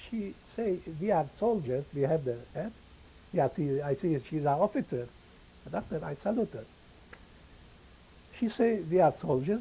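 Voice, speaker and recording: An older man whose first language is Yiddish, giving oral history testimony in halting English and pausing to search for words. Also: a little high, vocal fry, warm tone, slightly rough, low-quality recording. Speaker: interviewee, survivor.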